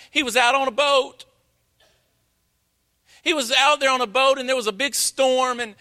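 High-voiced man preaching slowly. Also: pushed and bright. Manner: preaching with slow dramatic emphasis, acting out quoted dialogue. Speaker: pastor. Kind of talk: sermon. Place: church sanctuary.

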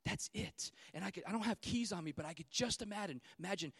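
A man with a very high voice preaches a sermon in church. He builds to loud, repeated declarations, then drops into casual asides to his congregation. The sound is close and dry. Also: fast talker, vocal fry, husky, no echo. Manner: rises to loud emphatic repetition.

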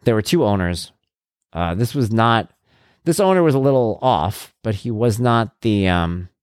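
A man's voice: lowish voice, dry recording, studio quality. A middle-aged man and parent, a podcast host telling casual stories in a monologue and acting out the voices of people he quotes. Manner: animated, acts out quoted voices.

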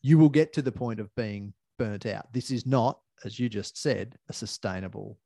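Deep, mellow man, thoughtful. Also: moderate pace, gravelly, no room sound, clean studio sound. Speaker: podcast co-host. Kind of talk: casual chat.

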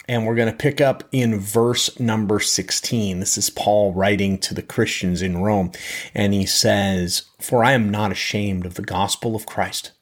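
A man giving a Bible teaching in a conversational way, often restarting his phrases and checking in with "okay?". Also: fairly low pitch. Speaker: preacher. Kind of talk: podcast teaching.

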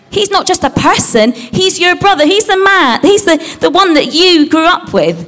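A woman giving a lively Bible story talk to children, asking them questions and acting out the characters. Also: very high voice, moderate pace. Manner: animated, acts out the characters, asks the audience questions.

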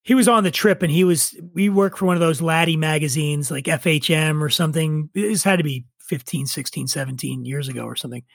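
A man's voice: a little high, a little fast, gravelly, few pauses, dry recording. A man in his forties, a podcast guest, telling a rambling story with profane, wry asides. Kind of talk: casual storytelling chat.

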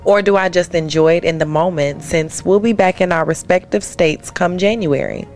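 A woman's voice: lowish voice, normal speed, darkish tone, soft background music. A woman guest co-host on a comedy podcast, reading a listener's letter aloud and breaking into playful asides and laughter.

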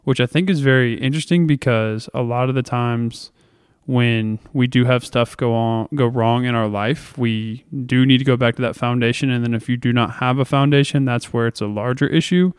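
Guy cohosting a faith podcast, thinks out loud, lots of ums, clean smooth voice. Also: mid-range voice, fairly even intonation, moderate pace, dry recording, studio quality. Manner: earnest, thinking aloud with fillers. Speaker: podcast co-host. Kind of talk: casual faith discussion.

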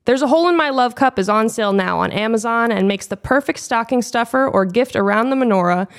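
A woman reading a short promo in a brisk, sassy manner with some swearing. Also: on the high side, expressive, smooth. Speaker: ad announcer. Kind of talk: read promo.

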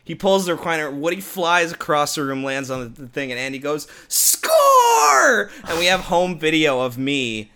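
A young man co-hosting a podcast in casual chat, animated, cursing often and laughing as he tells stories. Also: fairly high pitch, fairly quick, few pauses, background noise. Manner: animated, swearing, breaks into laughter. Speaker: podcast co-host.

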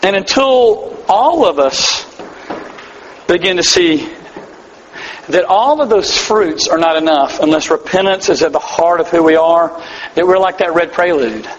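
A high-voiced man preaching a sermon, earnest and emphatic and quick to poke fun at himself. The live recording sounds dull and carries a long hall echo. A faint hiss sits underneath. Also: animated. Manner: earnest, emphatic, self-deprecating humor. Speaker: pastor. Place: large hall before a live audience.

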